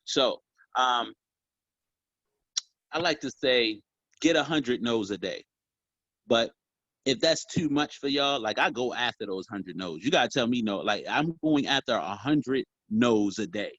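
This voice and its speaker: A man coaching a group on sales, talking in a casual, animated way and calling them y'all. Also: mid-range voice, unhurried, long pauses, no room sound, dull audio. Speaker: sales trainer. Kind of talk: motivational training talk.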